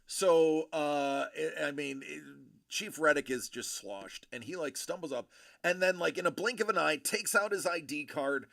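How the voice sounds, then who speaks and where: A man in his thirties telling a story in casual chat, acting out the people in it with animated voices. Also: a little high, moderate pace, vocal fry, dry recording, studio quality. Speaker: show host telling a story.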